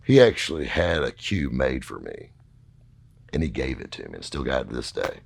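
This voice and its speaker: Deep gravelly man. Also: sing-song, moderate pace, dry recording. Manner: rambling, folksy, heavy fillers. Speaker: podcast host telling a story. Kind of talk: casual storytelling.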